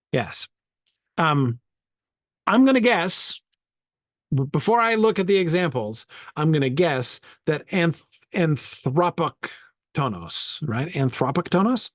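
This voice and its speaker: A man's voice: on the high side, no echo, clean studio sound. A man leading an informal Bible study, thinking aloud and sounding out Greek words as he goes.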